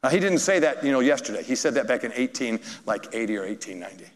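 A man preaching a sermon, telling a story with animated, chuckling emphasis, heard in an echoey hall. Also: mid-range voice, fast.

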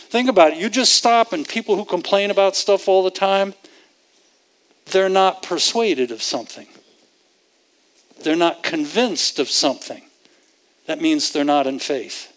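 A man with a notably high voice delivers a sermon at an unhurried pace. He hammers each point through repetition and rhetorical questions, and he chuckles at his own remarks. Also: clean tone. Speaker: preacher.

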